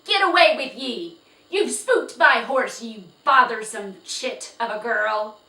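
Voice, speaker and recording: A woman voicing an angry, gruff old man who shouts and snarls threats at a horse and children. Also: mid-range voice, very animated, a little slow, exaggerated voice. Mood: raging. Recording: roomy, distant, faint hiss.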